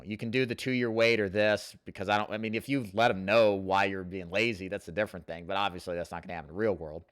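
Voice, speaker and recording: Male host, low-pitched, loose conversational coaching on a dry mic. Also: a bit bright, smooth, dry recording. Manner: rambling, coaching, reads viewer comments aloud. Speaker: host answering live chat questions. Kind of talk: casual live Q&A.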